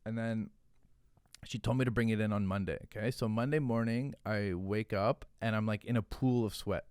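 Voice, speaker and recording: A young man with a fairly low voice tells a story on a podcast, swearing freely and packing his talk with fillers. The sound is close and dry, with no room around it. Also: moderate pace, clear, resonant tone, dry recording. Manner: profane, animated, lots of fillers. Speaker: podcast guest, hot sauce founder. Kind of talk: casual storytelling.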